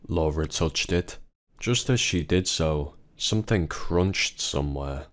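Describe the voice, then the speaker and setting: A man narrating a family drama story in an even, plain storytelling manner. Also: a bass voice, measured pace. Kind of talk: scripted narration.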